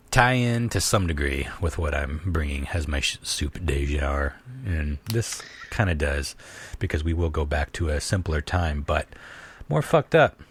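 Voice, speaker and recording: Male podcast host, lowish, very lively delivery, frequent laughter, salty language, dry close sound. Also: breathy edge, no room sound. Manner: laughs often, swears freely, animated. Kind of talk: casual podcast chat.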